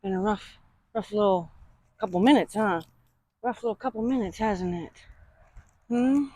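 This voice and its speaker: A horse trainer outdoors, describing a training session and talking to the horse in a soothing way, with gentle, repeated reassurances. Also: mid-range voice.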